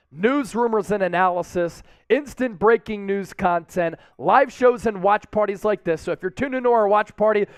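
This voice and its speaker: A man hosting a live-stream football watch party from a studio, upbeat as he reads out viewer shout-outs. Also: sits high, clean tone, no room sound. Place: sports studio.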